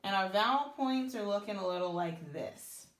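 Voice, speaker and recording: A woman's voice: medium pitch, lively intonation, moderate pace, roomy sound. A woman teaching beginners to read Hebrew letters, sounding them out step by step and praising the learners. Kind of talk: slow, patient reading lesson.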